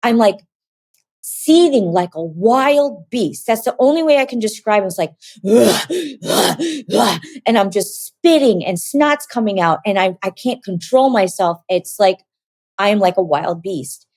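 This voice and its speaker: A woman recounts her faith testimony in a storytelling manner, slipping into the voices of the people she quotes. She is emotional and near tears at moments. Her voice sits at a middling pitch, and the recording is close and dry with no room sound. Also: lively intonation, moderate pace, darkish tone, dry recording. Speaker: former model giving a faith testimony.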